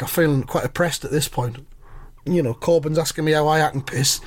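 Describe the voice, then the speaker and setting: A man co-hosting a podcast, telling an absurd story in a dry, deadpan way. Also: fairly high pitch, brisk. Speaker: podcast co-host.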